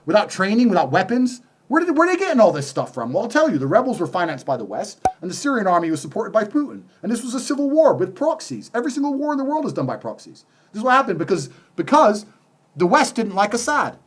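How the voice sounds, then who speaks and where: A man ranting in a heated, profane and sarcastic way during a conversation. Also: high voice. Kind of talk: conversational rant.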